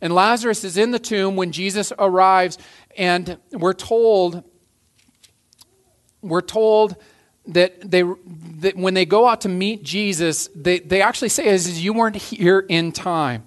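A man with a fairly high voice preaching a sermon. He talks in an earnest way, restarts phrases and repeats key lines for weight. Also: a little slow. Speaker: pastor.

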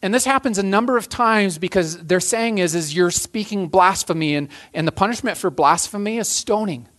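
A man's voice: high voice, a little fast, fairly bright tone. A man preaching a sermon as a pastor, earnest, often restarting and repeating phrases.

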